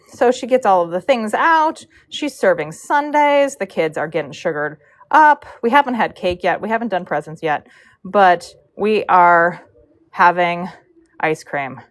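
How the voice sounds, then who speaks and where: A woman's voice: fairly low pitch, lively intonation, measured pace. A woman live-streaming as she braids hair, telling a rambling story in a chatty way, full of fillers and asides about her work. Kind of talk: casual storytelling while working.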